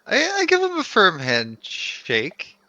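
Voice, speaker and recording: A man's voice: sits high, huge pitch swings, slow, bright, forceful tone, dry recording, lo-fi sound. A man playing in a tabletop game, giggly and a little hesitant. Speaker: player. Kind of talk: casual play at a tabletop game.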